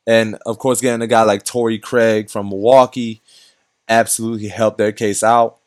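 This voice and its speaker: A man's voice: fairly low pitch, flat delivery, normal speed, no echo. Rambling young man talking basketball. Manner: rambling with frequent restarts and slang. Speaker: basketball vlogger. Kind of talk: unscripted casual commentary.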